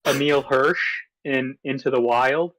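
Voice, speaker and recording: A man's voice: mid-range voice, fairly even intonation, unhurried, fairly bright tone, no room sound, low-quality recording. A man co-hosting a movie podcast in casual chat, easygoing, running through his picks from notes with fillers. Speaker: podcast co-host.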